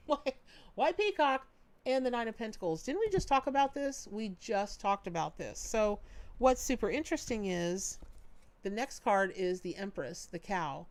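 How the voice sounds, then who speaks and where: A woman hosting a live-stream tarot reading, chatty and animated with folksy, warm-hearted talk. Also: mid-range voice, a little fast. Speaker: tarot reader hosting a charity livestream.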